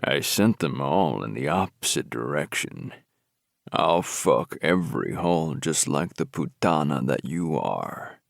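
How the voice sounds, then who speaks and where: A woman voicing a brutal, menacing male mobster, growling slowly in an audiobook. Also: a bass voice, sing-song, no room sound, studio quality, pitched below the performer's own voice, full character voice. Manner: growling, slow and gravelly. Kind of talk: audiobook narration.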